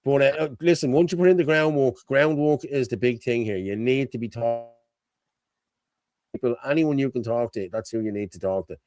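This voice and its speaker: A man's voice: mid-range voice, brisk, darkish tone. A middle-aged man hosting a live stream chat, rambling and swearing, with a constant "you know what I mean". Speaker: host.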